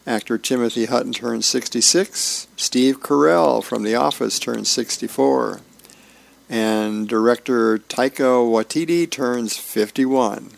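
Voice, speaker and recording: A man's voice: mid-range voice, creaky. A man volunteering as a reader on a radio reading service, reading comics and birthdays aloud in a folksy way with small slips and self-corrections.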